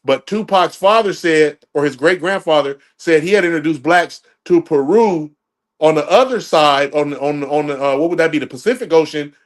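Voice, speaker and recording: A man's voice: a little high, moderate pace. Insistent man lecturing in a debate. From United States. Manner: insistent, lecturing, talks over others. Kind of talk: debate talk.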